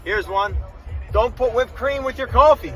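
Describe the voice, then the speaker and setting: A man's voice: very high voice, normal speed, soft background music, low-quality recording. A man in his car, ranting in a preachy, emphatic way. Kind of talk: ranting motivational clip.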